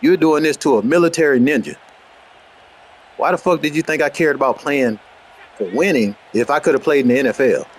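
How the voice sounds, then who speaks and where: A man streaming a football video game, rambling in brash, boastful, profane commentary and trash talk, dropping to low mutters and then jumping into high outbursts. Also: brisk. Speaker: gamer streaming gameplay.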